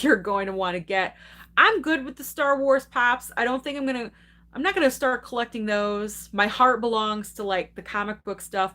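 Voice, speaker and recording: A woman's voice: mid-range voice, a bit bright. Young adult woman host, casual live-stream chatter, upbeat and talkative, mid-range voice. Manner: chatty and enthusiastic, laughs often, reacts to chat. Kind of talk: casual live-stream chat reading viewer comments.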